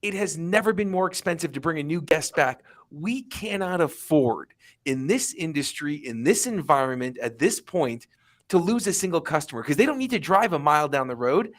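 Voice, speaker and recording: A man with a slightly raised voice speaks on an industry panel. He is emphatic and pushes each point with lively comparisons. His tone stays conversational but insistent. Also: fairly high pitch, moderate pace. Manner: emphatic, builds points with vivid analogies. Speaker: panelist, restaurant tech executive. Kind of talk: panel discussion.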